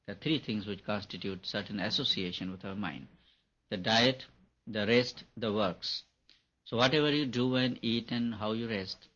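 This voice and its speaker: A husky-voiced man teaches meditation at a gentle, unhurried pace. He keeps circling back to repeat his points. The recording sounds dull and lo-fi. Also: on the low side. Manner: gentle, repetitive, chuckles often. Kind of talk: spiritual talk to an audience.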